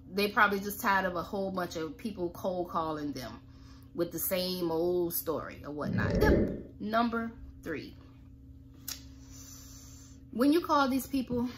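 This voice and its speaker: A woman's voice: mid-range voice, a bit bright, a little hiss or hum. A woman who owns a cleaning business, giving blunt, sassy, folksy coaching tips to camera.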